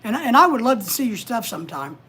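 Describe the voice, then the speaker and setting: A woman's voice: a little high, sing-song, fast talker, a bit bright, slightly rough. A woman hosting a casual livestream from home, chatting, giving advice and reading out viewer comments. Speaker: livestream host.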